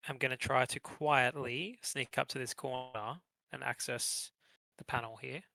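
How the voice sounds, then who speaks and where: A man's voice: medium pitch, steady tone, measured pace, creaky, pushed and bright, dry recording, poor audio. A man playing in a tabletop game, rambling with lots of fillers. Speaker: player.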